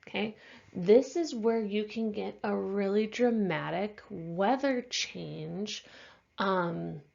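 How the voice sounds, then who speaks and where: A woman teacher giving a recorded science lecture in a casual, unhurried way, with many fillers, and sounding tired. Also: medium pitch, creaky, a little mellow, highs cut off. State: yawning, tired.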